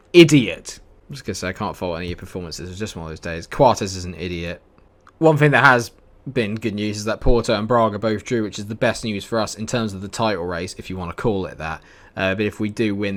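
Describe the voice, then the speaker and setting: A man giving casual commentary over a football management game, grumbling and exasperated as things go wrong. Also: lowish voice. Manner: exasperated, grumbling, talks to himself. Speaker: gaming commentator.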